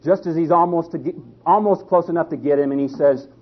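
Husky-voiced folksy preacher. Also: male voice, fairly high pitch. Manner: folksy, halting with restarts. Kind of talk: storytelling sermon. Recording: dull lo-fi recording.

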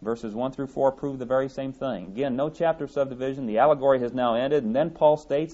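A man's voice: mid-range voice, fairly quick, few pauses, dark tone. Emphatic male preacher on dull lo-fi tape. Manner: emphatic, repeats key phrases, reads scripture aloud. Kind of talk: sermon teaching from a recorded tape.

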